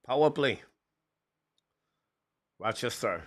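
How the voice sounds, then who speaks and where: A man calling hockey play-by-play on a live stream. He talks haltingly, with frequent "uh" fillers, broken English phrasing and apologetic self-corrections. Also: mid-range voice, expressive, no echo, clean studio sound. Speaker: play-by-play commentator and show host.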